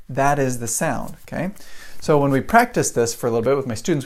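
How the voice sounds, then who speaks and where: A man's voice: mid-range voice, lively intonation, a little fast, a little mellow. An American man teaches English vowels on a live stream. He talks in a loose, chatty way, repeats words and sounds, and breaks off to greet viewers by name. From United States. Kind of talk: live-streamed pronunciation lesson.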